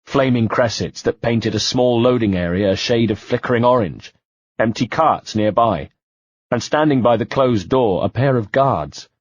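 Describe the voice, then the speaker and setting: A man narrating an audiobook in the first person, measured and quietly tense. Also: mid-range voice, no echo. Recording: dull dry home-studio sound.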